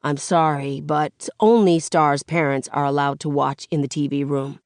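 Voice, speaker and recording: A woman doing a calm reassuring lawyer. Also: sits low, normal speed, smooth, no echo, studio quality, close to an everyday voice.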